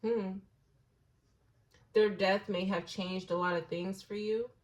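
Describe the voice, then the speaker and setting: A woman talking through a tarot reading in a loose, conversational way. She is slangy and blunt, swears now and then, and muses aloud. Her voice sits at an ordinary middle pitch and dips into quiet hushed asides. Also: fairly even intonation, takes it slowly, lo-fi sound. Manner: musing, drifts into soft hushed asides. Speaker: tarot reader. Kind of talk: casual intuitive tarot reading.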